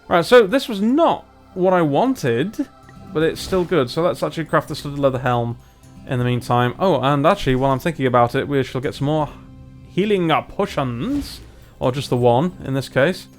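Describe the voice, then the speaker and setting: A man's voice: a little high, fairly quick, faint music behind. A man, commentating a strategy game in a chatty, self-mocking way. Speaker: gamer. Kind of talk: let's play commentary.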